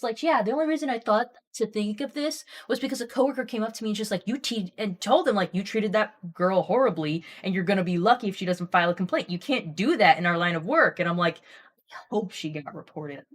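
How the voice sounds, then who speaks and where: A woman streamer chatting casually and telling a long story, getting animated and worked up as she rambles. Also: mid-range voice, fast.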